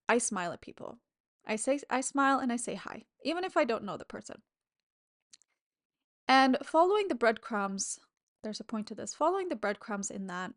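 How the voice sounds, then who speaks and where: In a dry, clean studio recording, a woman with a slightly high voice delivers a chatty solo monologue as host of her own podcast. She swears freely and laughs between thoughts.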